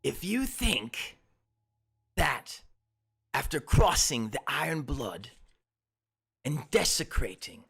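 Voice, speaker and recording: A sneering armored warlord. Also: male voice, high-pitched, wildly swooping pitch, takes it slowly, gravelly, long pauses, voice pushed up, exaggerated voice. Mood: threatening. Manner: shouting, sneering, profane. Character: angry red-armored male warband leader, loud and scornful.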